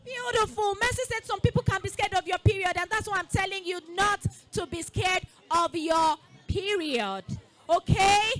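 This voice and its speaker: A woman giving a lively call-and-response talk to a group of girls, coaxing them to repeat after her. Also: extremely high pitch, moderate pace, soft background music. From Nigeria. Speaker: school founder speaking to girls. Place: festival event space.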